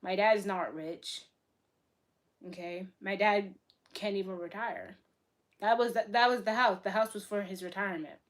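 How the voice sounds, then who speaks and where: A woman's voice: mid-range voice, steady tone, moderate pace. Blunt young woman streamer from Boston. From Boston, USA. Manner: blunt, profane, swings between loud and soft. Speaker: livestreamer reading chat. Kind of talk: casual live-stream chat.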